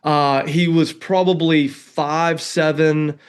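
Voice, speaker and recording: A man with a Southern US drawl, guesting on an interview show. He spins stories with self-deprecating humor, his voice a touch higher than most men's. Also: fairly even intonation, takes it slowly, smooth. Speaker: guest economist. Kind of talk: casual interview storytelling.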